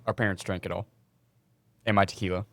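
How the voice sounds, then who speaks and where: A young man co-hosting a podcast, telling work stories in a casual, animated way and swearing freely. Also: low voice, fast. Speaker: podcast co-host. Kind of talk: casual storytelling chat.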